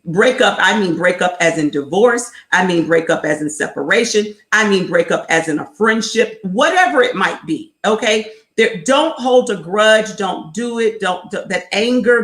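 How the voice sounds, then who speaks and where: A woman coaches her viewers in a live talk, hammering each point home with repeated checks that they are following. Her voice sits at a middle pitch, and her encouragement leans on faith the way a preacher's would. The recording has a roomy echo. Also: fairly bright tone. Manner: emphatic and repetitive, drives points home with "okay?". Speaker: host and life coach.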